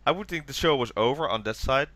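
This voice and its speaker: A man's voice: mid-range voice, expressive, quick pace, fairly bright tone, no room sound. A tired man co-hosting a podcast, rambling through a recap of a TV special and acting out quoted lines in raised voices. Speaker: podcast co-host. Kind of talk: casual chat recapping a TV special.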